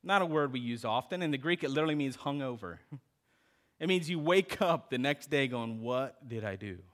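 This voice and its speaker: A man's voice: on the high side, a little fast. A middle-aged man preaching a sermon, talking to the congregation, asking them questions and telling stories. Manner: animated preaching with audience call-outs and storytelling. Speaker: pastor.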